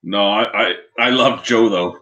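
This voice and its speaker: A man with a fairly low voice chats loosely on a podcast. He rambles through stories, swears freely and restarts his sentences often. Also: unhurried, sharp tone, highs cut off. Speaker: podcast co-host. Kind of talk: casual chat.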